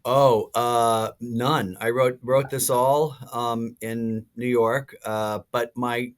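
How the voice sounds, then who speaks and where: A priest in his sixties, a podcast guest, telling stories in a lively way with many fillers and restarts. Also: mid-range voice, takes it slowly. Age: 60s. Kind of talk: casual podcast interview.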